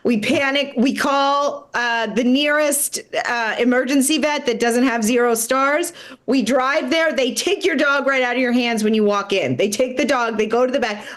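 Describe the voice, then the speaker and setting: A woman with a high voice tells a comic story on a live stream. She talks in an animated, profane way and laughs her way through the telling. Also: moderate pace. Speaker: comedian.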